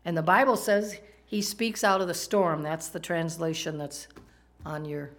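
A woman's voice: on the low side, steady tone, a little slow. A woman preaching a sermon, talking conversationally and asking the congregation questions. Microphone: microphone, PowerPoint slides in a church.

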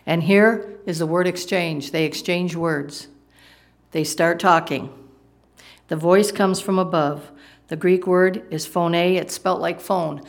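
Her voice is lowish and gravelly as she preaches with emphasis. Throughout the sermon, this woman puts rhetorical questions to the congregation and unpacks the meanings of Greek words.

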